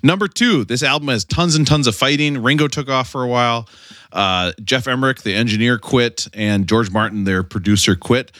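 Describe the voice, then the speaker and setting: A man's voice: mid-range voice, normal speed, a bit bright, no echo, clean studio sound. A man hosting a podcast, joking and laughing often in casual banter. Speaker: podcast host.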